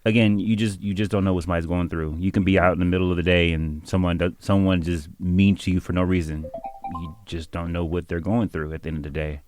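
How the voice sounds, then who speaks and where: A man co-hosting a podcast in casual conversation, animated and repetitive, often asking whether you know what he means. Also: sits low, fast, faint music behind. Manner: animated, repeats himself, says "you know what I mean". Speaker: podcast co-host.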